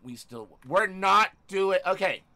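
Loud, swearing, high-pitched male streamer. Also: unhurried. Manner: loud, excitable, yelling, heavy swearing. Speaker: live streamer. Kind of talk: casual live game stream chat.

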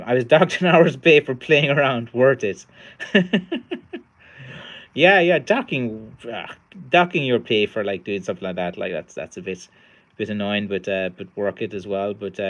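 Here a middle-aged Irish man, a stick maker hosting his own livestream, chats casually in a medium-pitched, fairly bright voice at normal speed. Weary and rambling, he fills his talk with fillers and restarts.

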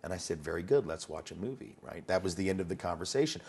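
A man's voice: deep voice, expressive, quick pace, vocal fry, a little mellow, husky. A man being interviewed as an educator, talking conversationally and telling anecdotes, often repeating words as he starts a thought.

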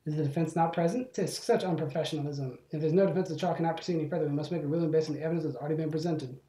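A man's voice: a little high, fairly even intonation, very fast, mellow, natural voice. A man voicing a stern, formal judge bird in a game, prim and strict about order. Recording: echoey room.

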